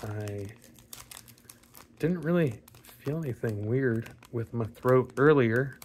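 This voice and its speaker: A man with a raspy voice, chatting casually and rambling with fillers and mild swearing while opening trading card packs. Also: mid-range voice, takes it slowly, darkish tone, slight background noise. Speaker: card pack opening vlogger. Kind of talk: casual pack opening commentary.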